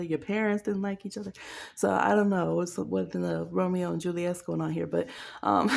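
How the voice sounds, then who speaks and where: A woman's voice: on the low side, creaky, darkish tone. A woman giving a casual pick-a-card tarot reading, chatty and playful, laughing often and mocking people with quoted voices. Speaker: tarot reader.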